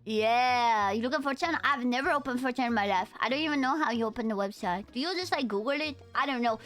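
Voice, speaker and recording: Bright, high-voiced Romanian-accented streamer woman. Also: quick pace, faint music behind. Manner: chatty, slangy, joking. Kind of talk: casual chat with viewers.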